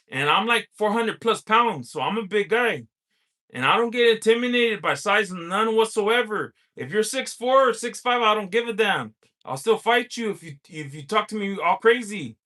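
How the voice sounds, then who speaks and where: A man's voice: sits high, pushed and bright. A man hosting a casual livestream, reading viewers' chat messages aloud and answering them in a rambling, chatty way, laughing often and drifting into long stories.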